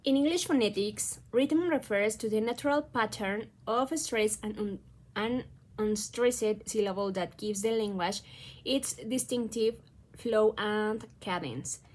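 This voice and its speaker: A woman's voice: mid-range voice, measured pace. A woman whose first language is Spanish, reading a prepared explanation with small slips. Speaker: student presenter.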